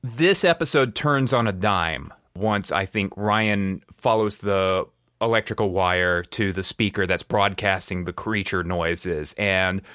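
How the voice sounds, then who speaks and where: A man hosting a podcast who talks in a relaxed way and keeps the conversation moving. His voice sits on the low side. The sound is dry and close, with no room echo. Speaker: podcast host. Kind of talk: casual chat.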